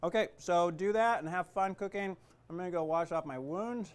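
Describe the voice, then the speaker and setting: A man's voice: sits high, normal speed, clear, resonant tone. A man teaching a cooking class in a kitchen, chatty and joking, with lots of fillers. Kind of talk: casual cooking demonstration.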